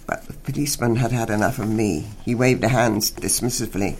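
Man reading a story, even and wry. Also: fairly low pitch, brisk, few pauses, husky.

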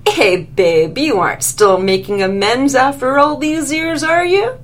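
A woman's voice: high-pitched, unhurried, a little hiss or hum, pitched above the performer's own voice. A woman voicing a brash, teasing female divine being in a read-aloud story.

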